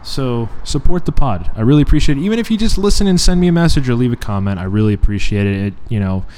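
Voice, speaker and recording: A man's voice: mid-range voice, big pitch swings, fast, warm tone. A man hosting a casual podcast, rambling earnestly with lots of fillers, thanking listeners. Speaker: podcast host. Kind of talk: casual podcast chat and sign-off. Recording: faint background noise.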